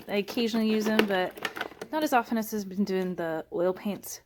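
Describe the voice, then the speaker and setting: A young woman vlogger gives a studio tour, chatting casually while showing off her art supplies. Her medium-pitched voice moves fairly quickly, packed with fillers and restarts, and the recording is very noisy.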